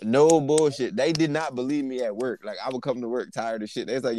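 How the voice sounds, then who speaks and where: A man's voice: medium pitch, quick pace, hardly any pauses, dark tone. A young man co-hosting a podcast, telling a long story in loose, profane casual chat full of "like" and "yo". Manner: rambling, profane, fillers of "like" and "yo". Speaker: podcast co-host.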